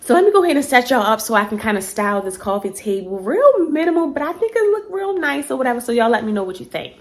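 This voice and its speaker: A woman's voice: a little high, very animated, fast talker. A middle-aged woman, chatting casually to camera about home decor, a little out of breath, with lots of fillers.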